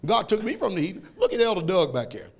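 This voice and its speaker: Brief: high-pitched male preacher, animated sermon delivery, frequent shouting. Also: fast talker. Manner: loud, shouting, laughing, animated storytelling. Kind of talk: fiery sermon.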